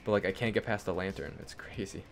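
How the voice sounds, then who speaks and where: A young man giving casual gameplay commentary, swearing and swinging between yelling and low mumbling. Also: fast talker, gravelly, music in the background. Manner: swears and insults the game. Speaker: gaming YouTuber.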